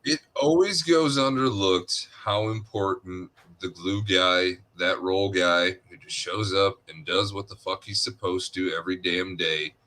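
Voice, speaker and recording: A man's voice: sits low, measured pace, few pauses, sharp tone. A man co-hosting a casual sports podcast, talking earnestly and emphatically with some swearing. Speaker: podcast co-host.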